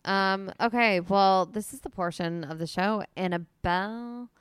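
A woman's voice: mid-range voice, unhurried, clean tone, no echo. A woman hosting a podcast in a chatty, upbeat way. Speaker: podcast host. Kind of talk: casual podcast chat.

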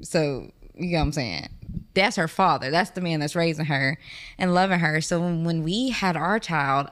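Lively young woman telling stories. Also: low-pitched, normal speed. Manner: animated storytelling with frequent laughter. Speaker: podcast guest. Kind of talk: casual podcast conversation.

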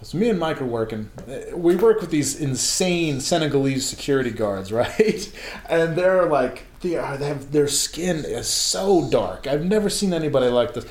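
A man in his thirties rambles through an anecdote in loose, laughing chat, full of asides and curses. His voice sits a little high. The room gives it a noticeable echo. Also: expressive, moderate pace, darkish tone. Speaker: podcast co-host telling stories. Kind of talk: casual storytelling chat. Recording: echoey room.

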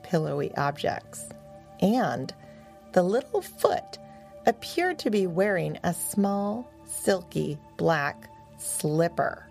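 Woman, storyteller, children's story narration, slow, lowish, gravelly, faint music behind. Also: darkish tone.

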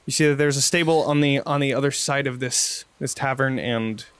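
Relaxed male game master narrating. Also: medium pitch, brisk, clean tone, no room sound.

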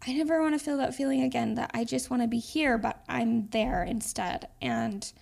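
A woman's voice: on the high side, moderate pace, creaky, darkish tone. A woman co-hosting a podcast, talking in an earnest, reflective, heartfelt way. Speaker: podcast co-host. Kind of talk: casual heartfelt chat.

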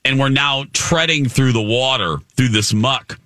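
A man telling a funny story in casual chat, acting out the people he quotes in an excited voice. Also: measured pace, no echo, clean studio sound. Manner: animated, acts out quotes in a high excited voice.

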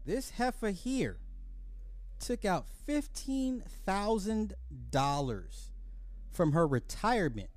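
A man's voice: high-pitched, big pitch swings, takes it slowly, dry recording. Blunt, profane man ranting on a podcast. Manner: blunt and profane, with sarcastic repeated apologies. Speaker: podcast host. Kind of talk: ranting social commentary.

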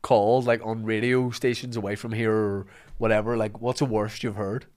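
A man's voice: lowish voice, level tone, moderate pace, a little mellow. A Northern Irish man co-hosting a podcast, chatting casually, telling stories and laughing often. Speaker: podcast co-host. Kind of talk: casual chat.

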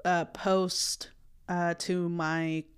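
A woman with a slightly low voice chats casually on a podcast. She rambles, backtracks and fills her pauses with ums as she works out her thoughts. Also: flat delivery, smooth. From United States. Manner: rambling, self-interrupting, many fillers. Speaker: podcast co-host. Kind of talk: casual conversation.

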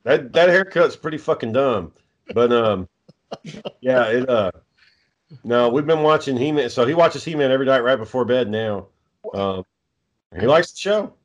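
A man's voice: mid-range voice, animated, normal speed, long pauses. A man chatting casually with friends, rambling and swearing freely, with lots of ums and restarts. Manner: rambling, profane, many fillers. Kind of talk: casual chat.

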